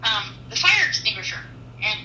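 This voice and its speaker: A woman truck driver telling a personal faith testimony in an earnest, animated storytelling manner, with pauses. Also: medium pitch, reverberant, recorded from a distance, slight background noise, low-quality recording.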